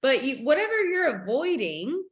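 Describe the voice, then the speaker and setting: A woman's voice: high voice, very animated, normal speed. A woman hosting a sales team video call, upbeat and preachy, acting out family stories as she motivates her team.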